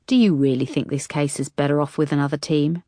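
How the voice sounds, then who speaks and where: A woman's voice: sits low, a little fast, mellow, no room sound, studio quality, natural voice. A woman narrator voicing a blunt, wisecracking female detective who talks frankly and teases her boss. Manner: frank, teasing.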